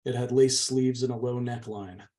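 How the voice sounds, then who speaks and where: A man's voice: medium pitch, fairly even intonation, moderate pace, dark tone. A man, the channel's host, steadily reading a novel's chapter aloud. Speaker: book reader, channel host.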